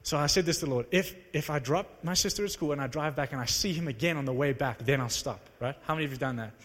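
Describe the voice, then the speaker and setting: Young South African preacher in a hall. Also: male voice, a little high, fast talker. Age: young adult. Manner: animated storytelling, rising to excited exclamations. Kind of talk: sermon with personal testimony. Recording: reverberant hall.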